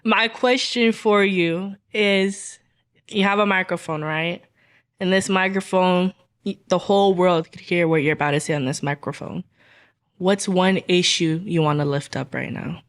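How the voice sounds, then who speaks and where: A woman co-hosting a podcast, speaking casually and warmly, affirming her guest with frequent "like" and "you know.". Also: on the low side, steady tone, measured pace. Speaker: co-host. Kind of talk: reflective podcast conversation.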